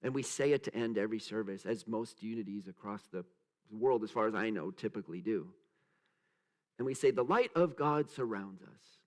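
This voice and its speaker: A man's voice: fairly low pitch, moderate pace. A male pastor giving a sermon, searching for words and acting out quotes in a raised voice, leading the congregation in repeating phrases. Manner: animated, acts out quotes in a raised voice; searching, with many restarts and trailing asides.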